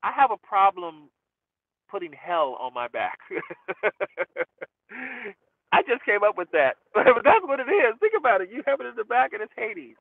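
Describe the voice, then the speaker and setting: A man's voice: high voice, no echo. Chatty man with a tinny, dry sound. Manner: chatty, self-amused, trails off with fillers. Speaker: rideshare driver and channel host. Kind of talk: casual talk to camera answering viewer questions. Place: inside a car.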